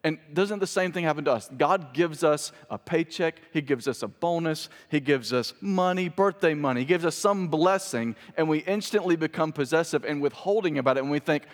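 A man's voice: fairly high pitch, brisk, hardly any pauses. Male pastor, 30s, chatty sermon delivery that swells on key points, reverberant hall. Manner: conversational preaching, rising for emphasis.

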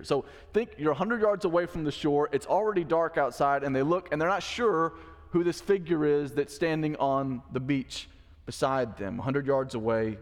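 Man preaching in a reverberant hall. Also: mid-range voice. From Mississippi. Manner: conversational, acts out the quoted lines. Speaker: pastor. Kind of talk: sermon. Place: church sanctuary. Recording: long church hall reverb.

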